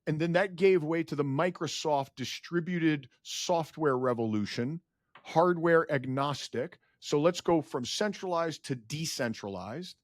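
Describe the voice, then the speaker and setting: Earnest forties guy telling stories on a podcast, kinda high voice, super dry mic. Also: unhurried, no echo. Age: 40s. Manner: earnest, animated storyteller, rises in pitch when emotional. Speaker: guest, data center founder. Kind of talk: podcast interview storytelling.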